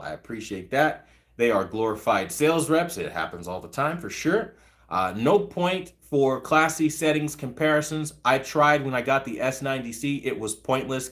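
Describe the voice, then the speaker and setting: A man's voice: medium pitch, a bit bright. A man in his thirties hosting a live chat, answering viewers' comments in a blunt, profane, ranting way. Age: 30s. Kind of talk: casual livestream chat.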